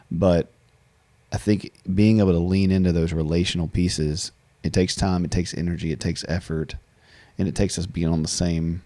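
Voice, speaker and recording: A man's voice: low voice, warm tone, dry recording. A man hosting a conversational interview, reflective and often repeating words as he thinks. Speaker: podcast host.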